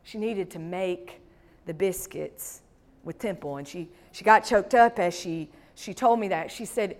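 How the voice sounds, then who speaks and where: A woman's voice: on the low side, measured pace. A woman pastor, preaching a sermon through a personal story with folksy asides.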